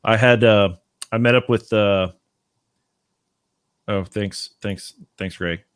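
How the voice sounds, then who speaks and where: A man's voice: fairly low pitch, fairly even intonation, slow, fairly bright tone, clean tone, no echo, studio quality. A young adult man from Texas, hosting a casual chat and rambling loosely with lots of fillers. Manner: laid-back, rambling, many fillers. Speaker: host.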